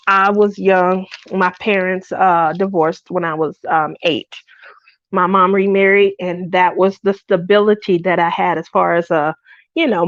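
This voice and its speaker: A woman's voice: medium pitch, no room sound. Middle-aged woman telling stories, laughing often. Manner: animated storytelling, laughs often. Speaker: craft livestream host. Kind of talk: casual livestream chat. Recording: dull dry lo-fi stream audio.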